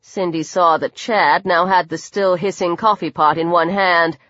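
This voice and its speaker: A woman narrating an audiobook in a measured, steady read. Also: on the low side, dry recording. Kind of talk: scripted narration. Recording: dry, dull lo-fi recording.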